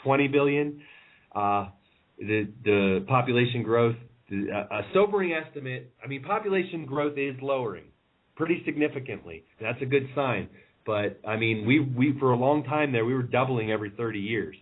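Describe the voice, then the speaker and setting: A man who is a guest on a podcast, thinking aloud in a halting, musing way with many restarts. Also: mid-range voice, expressive. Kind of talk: casual conversation. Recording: tinny phone-line call.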